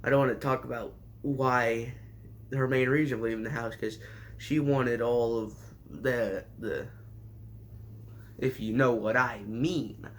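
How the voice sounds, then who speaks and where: A man recapping an anime season in a sarcastic, rambling way, with sudden jumps in pitch. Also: fairly even intonation, unhurried, a little hiss or hum. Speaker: anime reviewer.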